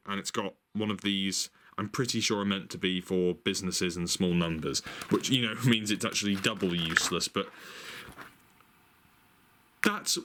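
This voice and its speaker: Excitable man thinking aloud. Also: medium pitch. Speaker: vlogger showing stationery. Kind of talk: casual chat.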